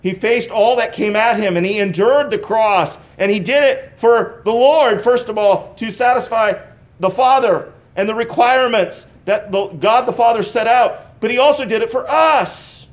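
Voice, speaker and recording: A man's voice: extremely high pitch, normal speed. A middle-aged male pastor giving a conversational sermon with casual asides and light chuckles.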